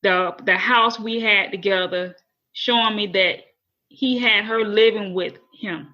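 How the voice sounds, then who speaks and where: A woman's voice: mid-range voice, steady tone, a little slow, bright, forceful tone, dull audio. A woman guest on a podcast telling a personal story candidly and earnestly, often repeating and restarting phrases.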